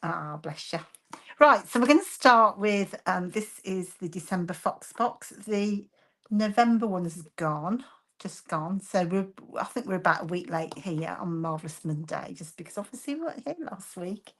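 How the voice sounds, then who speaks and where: A woman's voice: on the low side, animated, normal speed, fairly bright tone. A woman hosting a craft live stream in casual chat, chatty and laughing often. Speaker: craft show host.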